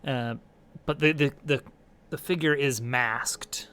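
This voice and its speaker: Slow, halting game master narrating. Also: male voice, medium pitch, fairly even intonation, bright, forceful tone, clean tone. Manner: halting, lots of fillers and restarts.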